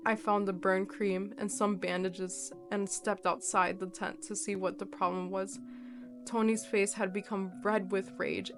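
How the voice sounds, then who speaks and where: A woman narrating a horror story with a steady, measured reading. Her voice sits at a middle pitch. Faint music plays beneath her.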